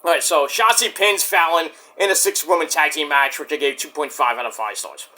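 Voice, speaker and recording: A man's voice: a little high, fairly quick, bright, forceful tone. A man reviewing a wrestling show in a casual solo rant, sarcastic and profane, mocking the wrestlers. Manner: sarcastic, profane, mocks wrestlers in put-on voices.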